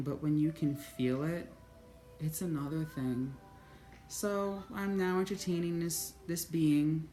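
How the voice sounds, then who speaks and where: A woman vlogger telling a spiritual story in casual, profane talk, moving between hushed and excited. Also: low-pitched, reverberant.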